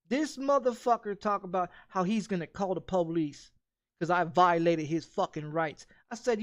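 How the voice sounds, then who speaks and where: Guy streaming games, fired up and cussing nonstop, kinda high voice, dry close sound. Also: moderate pace, no echo. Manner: heated, profane ranting with many repeats. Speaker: game streamer. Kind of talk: casual storytelling during a gameplay stream.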